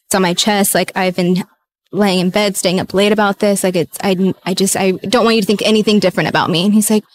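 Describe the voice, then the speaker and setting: A woman's voice: mid-range voice, steady tone, fast. A young woman, a former reality show contestant, chatting casually in an interview, filling her talk with "like" and acting out remembered conversations. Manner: chatty, many "like" fillers, retells scenes with quoted dialogue.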